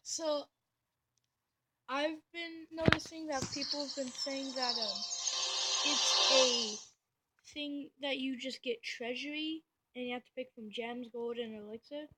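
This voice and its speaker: Excitable high-voiced woman gaming. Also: measured pace, very noisy. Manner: excitable, rambling, lots of fillers and slang. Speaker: gameplay video host. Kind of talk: casual gameplay commentary.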